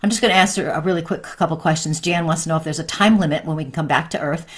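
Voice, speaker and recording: A woman's voice: low voice, rapid-fire, slightly rough. A woman, a medium and life coach, hosting a casual live stream and answering viewer questions in a chatty way.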